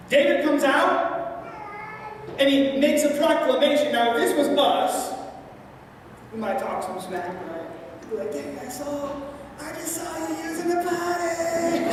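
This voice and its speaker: A high-voiced woman preaches to a congregation, recounting a story with casual, playful asides. She is heard from a distance in a big, echoing church hall with a long reverb tail. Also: slight background noise. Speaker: pastor. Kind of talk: sermon. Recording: echoey hall from far off.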